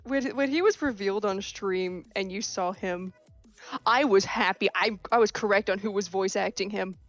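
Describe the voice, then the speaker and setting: A woman guest chatting casually on a podcast, telling stories in an animated, giggly way. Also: mid-range voice, normal speed, soft background music. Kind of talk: casual chat.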